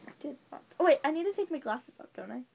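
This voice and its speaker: A woman's voice: high-pitched, expressive, fast talker, creaky, slight background noise. A young woman guest chatting casually with a friend, giggly and a little nervous. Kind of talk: casual chat.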